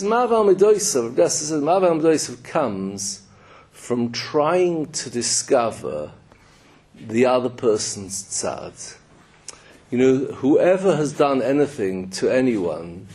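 A man's voice: medium pitch, a little mellow, slightly rough. A man giving a Torah sermon in an emphatic, storytelling way. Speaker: rabbi.

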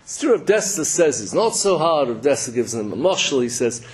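Lively husky rabbi, preaches with lots of emphasis, voice swings up and down. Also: male voice, medium pitch, fairly quick. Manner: animated storytelling, emphatic. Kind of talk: Torah sermon.

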